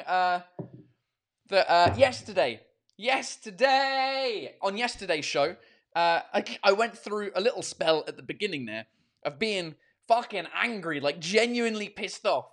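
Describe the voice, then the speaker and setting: A man's voice: high voice, animated, measured pace, fairly bright tone. Rambling, foul-mouthed man hosting his show. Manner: rambling, swears freely, self-mocking. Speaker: podcast and live show host. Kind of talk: casual podcast chat.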